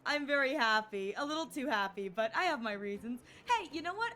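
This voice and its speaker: A woman's voice: high-pitched, very animated, a little fast, bright, forceful tone, slight background noise. A woman streaming a game, chatting playfully and reading lines aloud in casual commentary.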